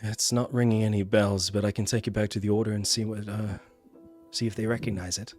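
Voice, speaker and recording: A man voicing a fatherly male officer of a holy order, speaking calmly with a little hesitation in a tabletop role-play. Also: lowish voice, brisk, faint music behind, close to an everyday voice.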